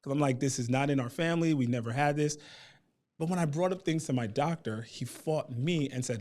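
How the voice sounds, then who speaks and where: A man in his thirties telling a personal story at a community town hall, animated and acting out what people said. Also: mid-range voice, brisk. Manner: animated, acts out quotes.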